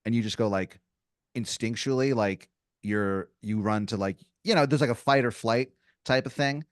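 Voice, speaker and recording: A man's voice: medium pitch, moderate pace, no room sound, clean studio sound. A man running an improvised tabletop-style story as game master, casual and profane, with lots of fillers.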